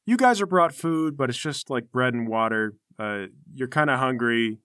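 A man narrating a tabletop game as game master, with animated delivery. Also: medium pitch, moderate pace, smooth, dry recording, clean studio sound.

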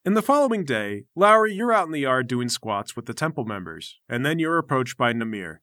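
A man narrating a tabletop game as game master, with animated delivery. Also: mid-range voice, brisk, no room sound, clean studio sound.

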